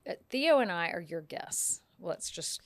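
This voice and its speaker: A woman appears as a guest etiquette expert on a talk show. She tells stories with lively energy and acts out the quoted lines. Her voice sounds dry and close, with no room echo. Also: on the low side, unhurried. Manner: animated storyteller, acts out quotes. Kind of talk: casual chat.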